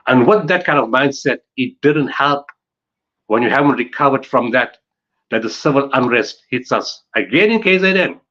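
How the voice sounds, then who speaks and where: A man addresses a conference audience with emphatic, repeated build-ups and pointed rhetorical questions. His voice is mid-pitched, and the live recording sounds slightly dull. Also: lively intonation, moderate pace, fairly bright tone. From South Africa. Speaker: conference speaker on disaster management. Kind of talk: conference talk.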